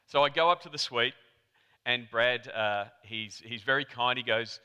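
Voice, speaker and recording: An Australian man from Melbourne giving a conference talk, telling a chatty anecdote with quick asides to the audience. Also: mid-range voice, sharp tone, clear, resonant tone. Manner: chatty storyteller, rapid asides. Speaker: conference presenter. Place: conference hall. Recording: reverberant hall.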